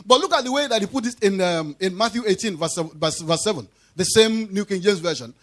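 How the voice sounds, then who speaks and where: High-voiced male preacher, call-and-response. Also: animated, brisk. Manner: emphatic call-and-response preaching, repeating key phrases. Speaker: pastor. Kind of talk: sermon. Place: church.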